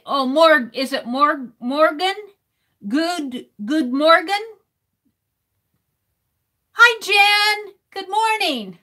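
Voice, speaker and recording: A woman's voice: very high voice, lively intonation, extremely slow, long pauses, bright, forceful tone. A middle-aged woman artist chatting on a live stream, laughing often and sounding out words letter by letter as she reads the chat. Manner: laughs often while working. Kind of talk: casual livestream chat.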